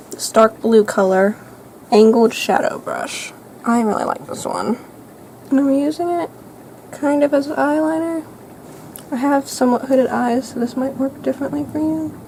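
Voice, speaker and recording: Chatty teen girl with a mellow voice. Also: high voice, measured pace, long pauses, a little hiss or hum, rough recording. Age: teens. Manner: rambling, self-narrating, thinking aloud; soft, light voice at times. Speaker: vlogger. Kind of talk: chatty makeup get-ready-with-me vlog.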